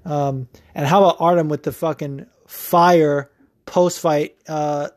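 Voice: mid-range voice, fairly even intonation, slow pace, a little mellow, dry recording, studio quality. A podcast host in a casual, profane opinion rant, rambling with lots of fillers. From United States.

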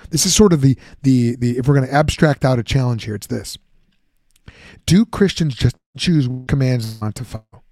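A man giving a lively, conversational Bible teaching, often acting out the objections he answers. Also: mid-range voice, normal speed, dry recording. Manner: animated, conversational, acts out objections.

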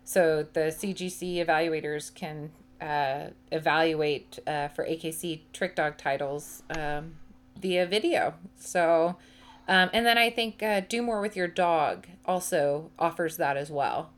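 Casting: low-pitched woman, relaxed and hesitant, podcast chat. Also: unhurried. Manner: relaxed, many ums and hesitations. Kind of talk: casual chat.

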